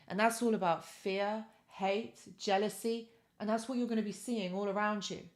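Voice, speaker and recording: A woman's voice: mid-range voice, fairly even intonation, moderate pace. A woman hosting a live stream, giving encouraging motivational talk and thanking viewers by reading their comments.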